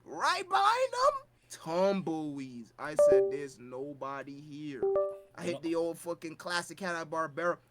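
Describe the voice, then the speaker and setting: A podcast co-host telling a convention story in casual chat, animated and profane, jumping between loud bursts and low mutters. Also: a little slow, over loud music.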